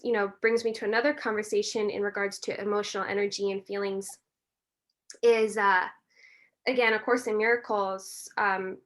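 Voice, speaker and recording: A woman, a breathwork and meditation teacher, talking earnestly and warmly as a podcast guest in a reflective, gently spiritual way. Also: mid-range voice. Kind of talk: reflective conversational talk.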